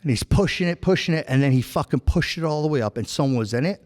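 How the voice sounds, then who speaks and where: A man's voice: fairly high pitch, lively intonation, fast, darkish tone. A man with a New York accent telling rambling, profane stories as a podcast host, tossing in "right?" and "bro" constantly. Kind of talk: casual chat. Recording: long hall reverb.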